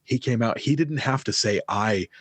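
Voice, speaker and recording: A man's voice: medium pitch, a little fast, husky, dry recording. A man co-hosting a wrestling podcast, talking emphatically with lots of swearing. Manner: emphatic, profane, dramatic asides. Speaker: podcast co-host. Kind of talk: casual wrestling review chat.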